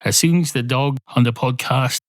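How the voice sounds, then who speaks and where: Deadpan man rambling absurdly. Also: medium pitch, normal speed, dry recording. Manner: deadpan, absurd, swears, argues with imagined listeners. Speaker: podcast host. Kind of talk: rambling solo comedy monologue.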